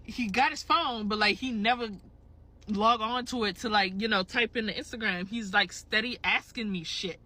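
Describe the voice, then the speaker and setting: A woman's voice: fairly high pitch, normal speed. A young woman telling an angry story in casual chat, emphatic and swearing, acting out the people in it. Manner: animated, emphatic, swears, mimics others. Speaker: storyteller in a clip.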